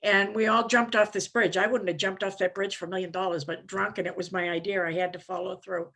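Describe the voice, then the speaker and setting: A woman's voice: medium pitch, fairly even intonation, a little fast, creaky, fairly bright tone. A woman in her seventies from Maine telling her recovery story at a conference, rambling and self-mocking, with frequent "you know"s. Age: 70s. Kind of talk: personal recovery story talk.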